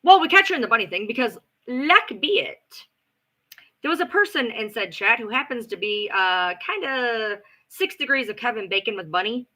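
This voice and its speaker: Middle-aged woman streamer, profane and sarcastic gossip, lively pitch. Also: moderate pace. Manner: animated, profane, sarcastic gossip with acted-out quotes. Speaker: livestream host. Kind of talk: casual storytelling on a livestream.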